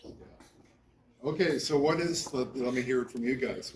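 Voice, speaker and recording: A man's voice: medium pitch, moderate pace, slight background noise. A male university lecturer giving a class lecture, talking with students and often checking in with "right?". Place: lecture hall. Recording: echoey classroom from far off.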